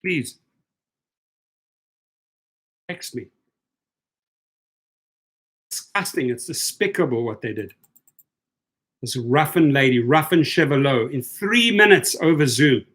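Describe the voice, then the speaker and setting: A man's voice: mid-range voice, animated, moderate pace, fairly bright tone, slightly rough. A man hosting a live stream, reading viewer comments aloud and calling things out in a blunt, indignant way that often repeats itself.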